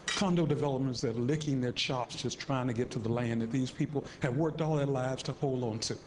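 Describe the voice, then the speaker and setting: A man's voice: medium pitch, fairly quick. Brief: man making an emotional plea from the podium, mid-range voice, noise in the background. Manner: earnest, pleading, repeating "please". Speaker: community advocate speaker. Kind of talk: emotional luncheon speech.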